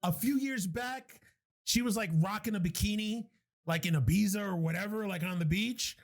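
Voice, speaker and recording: A man's voice: high-pitched, moderate pace. A man co-hosting a casual podcast chat, talking with lots of swearing and frequent laughter. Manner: animated, profane, laughing often. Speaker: podcast co-host.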